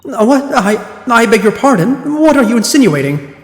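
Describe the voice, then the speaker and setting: A man's voice: extremely high pitch, very animated, moderate pace, pitched above the performer's own voice, full character voice. A man voicing a haughty, indignant middle-aged woman with prim, upper-class airs, as he reads a courtroom game aloud. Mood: affronted. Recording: echoey room with long reverb.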